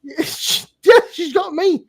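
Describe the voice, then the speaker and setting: High-voiced sweary woman. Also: measured pace, gravelly, a bit bright. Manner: blunt, sweary storytelling, laughs a lot. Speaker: guest on a beer live stream. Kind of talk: casual chat on a live stream.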